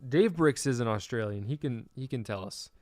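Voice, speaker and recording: A man's voice: medium pitch, animated, normal speed, darkish tone, dry recording. Laid-back male podcast host, dry sound. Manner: laid-back, reads viewer comments. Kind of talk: casual livestream chat.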